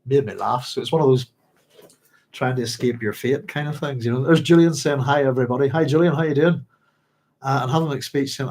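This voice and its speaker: A man's voice: mid-range voice, brisk, darkish tone, a little hiss or hum. A man hosting a book club stream, reading passages aloud and rambling between them with frequent chuckles. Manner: rambling and chatty, chuckles often. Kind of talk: casual livestream book chat with reading aloud.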